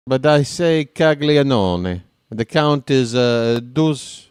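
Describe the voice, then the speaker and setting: He takes it slowly as a fan calling play-by-play, filling the gaps between pitches with wry, dry comments. There's no echo or room sound in the close recording of his smooth, clear voice, and he erupts into excited yelling on big hits.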